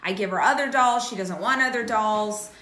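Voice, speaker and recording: Bright thirties woman co-host, playful storyteller, echoey room. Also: mid-range voice, moderate pace. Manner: animated storytelling, playful teasing. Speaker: podcast co-host. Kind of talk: casual chat.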